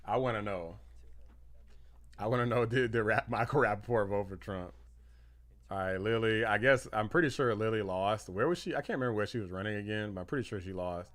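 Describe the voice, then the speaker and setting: This is a man running a political livestream who reacts out loud to news and posts. His voice is bright and pushed forward, and he laughs easily. He wanders through his thoughts with fillers and restarts. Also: lowish voice, brisk. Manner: excitable, laughing, reads posts aloud. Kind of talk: live reaction commentary.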